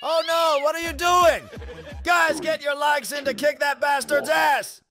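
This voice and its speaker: Male reaction host, piercing high bright voice, loud and excitable. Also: measured pace, soft background music. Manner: loud, yells at the screen, laughs.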